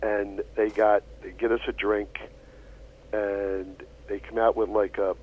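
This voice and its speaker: A man's voice: lowish voice, takes it slowly. Tinny-sounding Philly guy telling a story. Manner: animated, laughing storyteller, swears casually. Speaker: radio show co-host. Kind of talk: casual storytelling chat. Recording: tinny phone-like radio audio.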